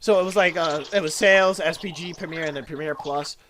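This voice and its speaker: A man's voice: fairly high pitch, a little fast, a crowd in the background. A man hosting a casual talk show, telling customer service stories and acting out angry callers. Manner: animated storyteller, acts out angry callers loudly.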